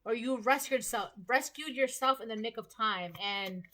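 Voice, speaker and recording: Woman tarot reader, fairly high bright voice, earnest and repetitive, casual delivery. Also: moderate pace. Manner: earnest, repetitive, punctuates with "all right?" and "okay?". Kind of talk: casual spoken tarot reading to viewers.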